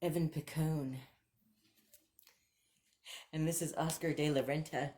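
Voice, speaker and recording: Low-voiced chatty woman vlogger. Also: fairly even intonation, measured pace, dark tone, slight background noise. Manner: chatty and enthusiastic, laughs often. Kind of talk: casual thrift haul and try-on chat.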